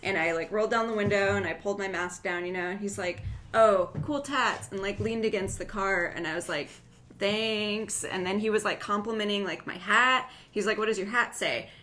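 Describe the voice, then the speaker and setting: A woman's voice: medium pitch, brisk, pushed and bright, slight background noise. A woman co-hosting a casual podcast, rambling through stories with lots of fillers and casual swearing. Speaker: podcast co-host.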